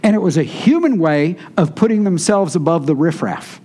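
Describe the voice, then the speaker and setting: A man preaching to his congregation in a relaxed teaching manner. His voice sits high for a man yet sounds mellow and dark in tone. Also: moderate pace. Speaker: pastor. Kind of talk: sermon.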